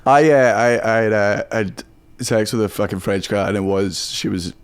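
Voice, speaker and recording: A young Scottish man, a guest comedian, chatting casually on a podcast in a rapid, profane, self-mocking way. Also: lowish voice, noisy background. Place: podcast studio.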